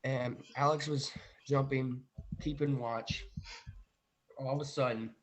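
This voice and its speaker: Animated man telling a story. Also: medium pitch, measured pace, long pauses. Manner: animated retelling, often says "literally" and "guys". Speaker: podcast host. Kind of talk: casual storytelling to viewers.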